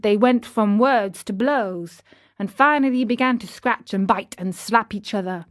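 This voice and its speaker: A woman narrating a children's storybook in a measured, expressive way. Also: medium pitch.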